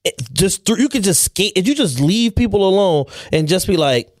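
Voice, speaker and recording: Young podcast cohost, high voice, chill and dry, super close mic no room sound. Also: male voice, animated, normal speed, no room sound. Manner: laid-back, dry quips. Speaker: podcast co-host. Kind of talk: casual chat.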